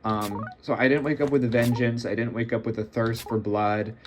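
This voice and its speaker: A man's voice: medium pitch, fairly even intonation, moderate pace, faint music behind. A young man giving casual, rambling and wry commentary while playing a computer game. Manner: rambling, wry and self-mocking. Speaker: gaming video host.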